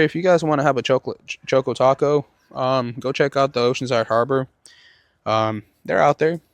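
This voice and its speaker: A man's voice: mid-range voice, no echo. Male podcast host, casual rambling storyteller, swears freely, dry close sound. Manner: profane, rambling, animated storytelling.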